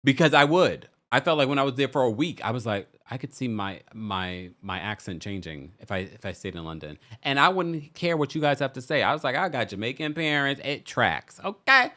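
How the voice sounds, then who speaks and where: A man's voice: mid-range voice, fairly quick, few pauses. A man hosting a casual live stream, reading viewer messages and taking calls. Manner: animated, reads super chats aloud. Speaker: host.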